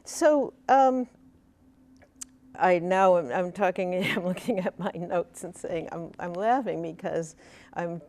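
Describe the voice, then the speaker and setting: A woman's voice: lowish voice, slow, a little mellow. A woman from the Bronx, interviewing an author on stage, chatty and laughing often. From the Bronx, New York.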